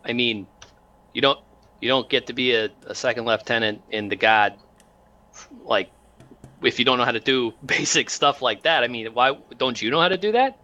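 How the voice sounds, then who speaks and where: A man voicing a gruff, cursing cyborg lieutenant in a tabletop game. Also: medium pitch, moderate pace, pushed and bright, highs cut off, close to an everyday voice. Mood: brusque. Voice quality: brusque and swearing. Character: gruff cyborg male guard lieutenant, brusque.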